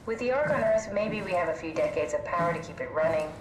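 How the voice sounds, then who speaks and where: An actress voices a wry, self-deprecating female AI guide in a video game, speaking fast and animated in a fairly low, natural voice. She sounds determined, dry, and matter-of-fact, recorded with a roomy echo beneath gameplay noise.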